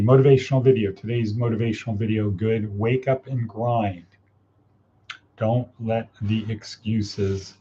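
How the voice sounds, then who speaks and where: A man's voice: on the low side, warm tone. Man, casual livestream coaching host, upbeat and encouraging, dull lo-fi sound, faint background noise. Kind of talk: casual livestream coaching, reading viewer comments aloud.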